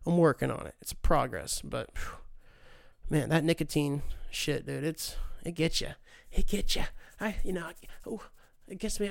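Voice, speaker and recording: A man's voice: on the high side, normal speed, creaky, dry recording, studio quality. A young man hosting a podcast, ranting casually with lots of swearing and sarcastic mock voices. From United States. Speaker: podcast host. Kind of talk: casual solo rant.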